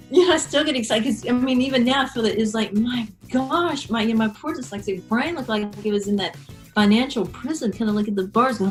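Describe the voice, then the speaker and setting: Animated woman telling stories in an interview. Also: a little fast, soft background music. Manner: animated storyteller, bursts into high excited exclamations. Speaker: guest author and speaker. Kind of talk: casual interview chat.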